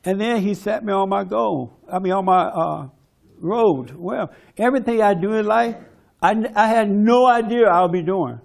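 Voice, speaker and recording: Brief: high, gravelly male speaker, forceful preacher style, conference talk. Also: moderate pace. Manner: preachy, forceful, mimics others in quoted bits.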